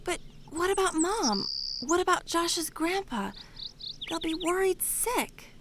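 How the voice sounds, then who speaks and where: A young girl speaks in a soft, breathy near-whisper, high and slow, worn out and weak, played by a man reading a storybook. Her words come quietly, with lots of air in them. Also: big pitch swings, background noise, full character voice. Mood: worried. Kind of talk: audiobook character voice.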